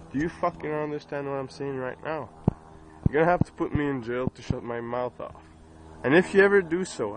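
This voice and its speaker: A man's voice: mid-range voice, fairly bright tone, slight background noise, low-quality recording. Furious swearing French Canadian man. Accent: Acadian French Canadian. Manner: furious, swearing constantly, repeating himself. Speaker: vlogger. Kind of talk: angry profane rant. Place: outdoors near his home, filming the sky. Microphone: cell phone camera.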